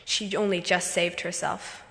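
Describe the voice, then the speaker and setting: A woman student giving a memorized, expressive recitation of a story at a school speech meet. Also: fairly low pitch, unhurried. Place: school auditorium. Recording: hall reverb.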